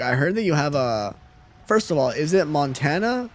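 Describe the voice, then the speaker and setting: A man's voice: a little high, sing-song, moderate pace. Laid-back male gaming streamer. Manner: laid-back, chuckling, reads out chat messages. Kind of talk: casual live-stream chat while gaming.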